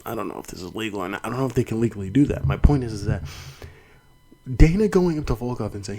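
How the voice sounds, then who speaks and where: A man's voice: lowish voice, expressive, fast, creaky, dark tone, rough recording. A young man hosting a solo fight podcast, talking casually and rambling with many restarts and some swearing. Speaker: podcast host.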